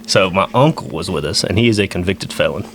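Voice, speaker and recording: A man telling a long hunting story on a podcast in a rambling, animated way, full of "like" and "you know.". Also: sits low, fast talker, slight background noise. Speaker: guest.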